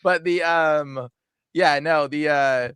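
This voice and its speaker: Rambling man with a higher voice. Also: fairly even intonation, slow, a bit bright, clean tone, no room sound, clean studio sound. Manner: rambling, laughing often, many fillers. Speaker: deliverance minister. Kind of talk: casual conversation.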